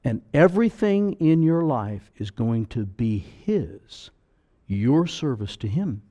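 A man preaching a sermon with fervor, swelling loud on key phrases and dropping low again. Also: sing-song, slow.

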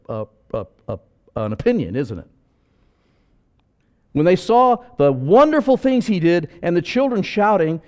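A man preaching a sermon as pastor, animated and acting out voices, moving between loud and soft. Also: on the high side.

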